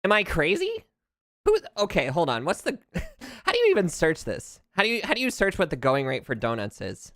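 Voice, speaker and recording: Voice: medium pitch, moderate pace, no echo, clean studio sound. A streamer from the United States, chatting casually over gameplay and ranting in a jokey way. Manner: animated, jokey, ranting, laughs often. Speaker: VTuber streamer. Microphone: close streaming mic.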